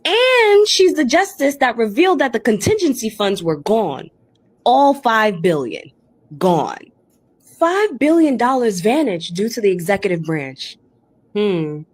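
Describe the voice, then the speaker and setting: A woman delivers political commentary with emphatic, storytelling drive. Her pitch swings widely and stays lively. The recording is dry and close. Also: a little slow, no echo.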